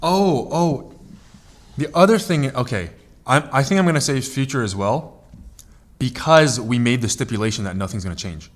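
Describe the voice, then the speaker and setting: A man's voice: medium pitch, expressive, normal speed. A man co-hosting a podcast, explaining at length in casual chat, with many restarts and repeated words. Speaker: podcast co-host.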